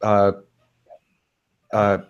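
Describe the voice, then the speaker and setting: A man with a low voice joins a casual live-stream chat. He makes dry jokes and often stalls with "uh" before finishing a thought. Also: monotone, extremely slow, clean tone, muffled recording. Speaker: stream guest.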